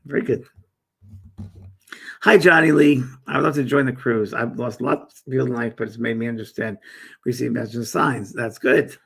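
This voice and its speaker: A middle-aged man with a gravelly, husky voice hosts a casual live spiritual chat. He rambles warmly from topic to topic, reading out viewer comments and answering them one by one. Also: medium pitch, fairly even intonation, moderate pace. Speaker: host and medium.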